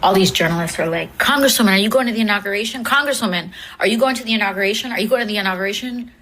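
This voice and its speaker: A woman politician talks sarcastically and quickly in a social media video. Her voice sits a little back from the mic. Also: fairly high pitch, a bit bright.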